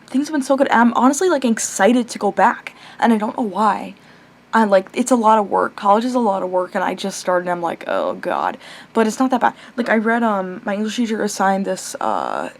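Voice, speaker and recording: Young woman, casual vlog, rambling, swears casually, chatty, lots of fillers and restarts, mid-range voice. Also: mid-range voice. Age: young adult. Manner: chatty and animated, breaks off to talk to her pet. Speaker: vlogger.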